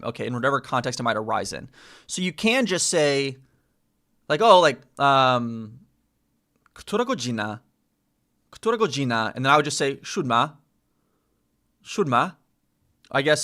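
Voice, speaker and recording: Bright and forceful, this mid-range male voice belongs to an American streaming his language self-study live. He thinks aloud in a casual way, repeating phrases and correcting his mistakes.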